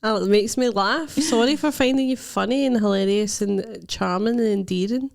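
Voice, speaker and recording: A woman's voice: mid-range voice, normal speed, gravelly, darkish tone. A young Scottish woman co-hosting a comedy podcast, chatting bluntly and laughing often. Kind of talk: casual chat.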